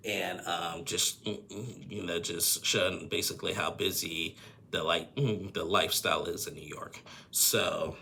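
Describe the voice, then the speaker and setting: A man's voice: deep voice, fairly even intonation, a little slow, gravelly, bright, forceful tone, a little hiss or hum. A man giving a rambling, opinionated casual recap of a TV episode, often tacking on "and stuff and everything".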